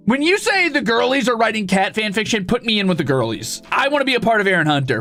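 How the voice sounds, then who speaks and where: A man streaming and chatting casually, excitable and profane, with sudden loud outbursts. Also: high voice, normal speed, faint music behind. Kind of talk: casual live-stream chat.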